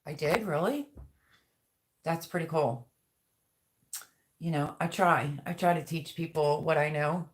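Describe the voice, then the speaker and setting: This woman hosting a casual live stream speaks low and unhurriedly, leaving long pauses. She greets her viewers by name and chats as she works through their comments.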